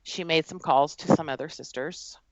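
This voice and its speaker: Low-voiced woman telling a personal story. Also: no room sound, highs cut off. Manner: earnest, halting, with frequent fillers. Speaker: guest. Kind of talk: personal storytelling in a podcast conversation.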